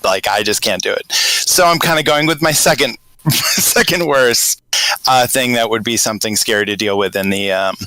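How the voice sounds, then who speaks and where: A man with a Boston accent, talking through ideas in a loose, hesitant way on a casual podcast and getting animated as he builds a scenario. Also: mid-range voice, moderate pace, no echo, rough recording. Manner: rambling, hesitant, grows animated telling a scenario. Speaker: podcast panelist.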